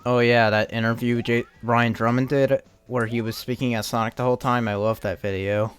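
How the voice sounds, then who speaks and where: A man's voice: medium pitch, little pitch movement, fairly quick, faint music behind. A young man chatting casually as he streams a game, rambling and restarting his sentences, with the odd curse thrown in. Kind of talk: casual live-stream commentary while playing.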